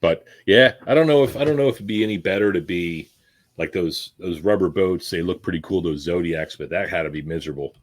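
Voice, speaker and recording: Man, very deep voice, former Marine, podcast host, rambling, profane, reflective. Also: fairly quick. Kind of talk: casual reminiscing chat.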